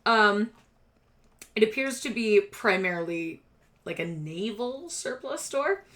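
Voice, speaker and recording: A woman running a tabletop game as game master, describing scenes slowly and deliberately. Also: mid-range voice, animated, a bit bright.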